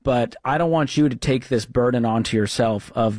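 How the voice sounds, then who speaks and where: A man's voice: medium pitch, animated, fairly quick, darkish tone, no echo, clean studio sound. A man hosting an advice talk radio show, direct and reassuring with callers. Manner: direct, reassuring, recaps the story.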